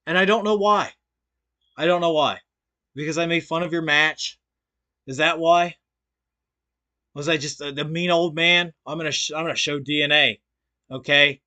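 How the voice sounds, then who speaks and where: A man's voice: on the high side, fairly even intonation, moderate pace, long pauses, pushed and bright. A man co-hosting a live stream, reacting with sarcastic, profane mockery in a casual chat. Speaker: stream co-host.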